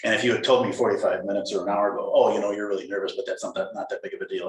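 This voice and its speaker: Animated man giving a dharma talk. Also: on the low side, racing, hardly any pauses. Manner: animated, playful, acts out inner voices. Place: meditation hall. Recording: roomy hall echo.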